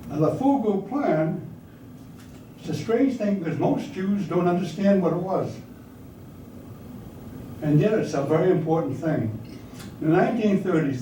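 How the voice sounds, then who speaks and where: In an echoey hall or meeting room, with the mic well away from him, an older man tells an audience stories of his wartime service in a conversational way, occasionally asking them questions. His mellow voice sits on the high side, and a little hiss or hum is audible.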